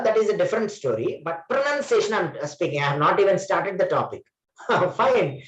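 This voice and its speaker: A man's voice: high-pitched, a bit bright. A man giving a classroom grammar lecture, emphatic and often quizzing his students. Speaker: trainer. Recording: roomy classroom echo.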